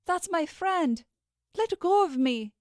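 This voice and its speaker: Woman doing a high teary heroine, begging, slow and lively. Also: no room sound, clean studio sound, full character voice. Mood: pleading. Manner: pleading, tearful, high-pitched. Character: distraught young woman investigator, pleading.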